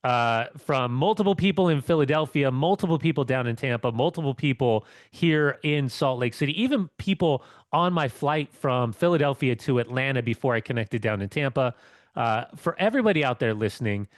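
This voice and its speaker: A man's voice: medium pitch, lively intonation, moderate pace, dry recording. Podcast co-host guy rambling through a story, lots of restarts, dry close sound. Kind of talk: casual podcast chat.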